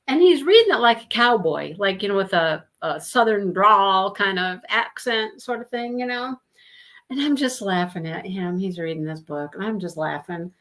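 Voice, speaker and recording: A woman hosts a live book discussion in a chatty, rambling way. She tells stories, laughs often and stops to answer viewer comments. Her voice sits at an ordinary middle pitch. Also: a bit bright. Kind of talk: casual chat on a livestream.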